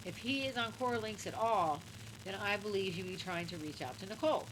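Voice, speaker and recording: A woman's voice: medium pitch, fairly quick. A woman co-hosting a true crime show, giving her opinions in casual talk and asking the viewers questions directly. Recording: clear background noise.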